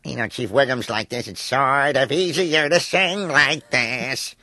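A man doing a dopey middle-aged cartoon police chief in a high, slurred voice, in the middle of an interview. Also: measured pace, bright, forceful tone, no room sound. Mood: goofy. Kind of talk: impression of his cartoon voice during an interview.

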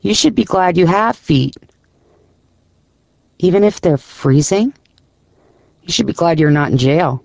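A man's voice: on the high side, lively intonation, measured pace, gravelly, pauses often, a little hiss or hum, pitched above the performer's own voice. A man doing a preachy Midwestern sponsor. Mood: lecturing. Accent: Midwestern American. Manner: lecturing, pointed rhetorical questions. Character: preachy middle-aged male recovery sponsor.

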